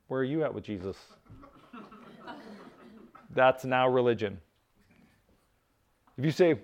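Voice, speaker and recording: A man's voice: mid-range voice, unhurried, pauses often, lo-fi sound. A male pastor preaching a sermon in a conversational way who often checks in with "right?" and drops joking asides. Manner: conversational, tags points with "right?", jokes aside.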